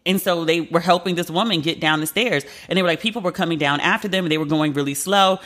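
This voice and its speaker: A woman's voice: on the low side, fast, few pauses, a bit bright. A woman hosting a podcast, retelling a story in a chatty, emotional way with lots of fillers. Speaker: podcast host. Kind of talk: casual solo podcast storytelling.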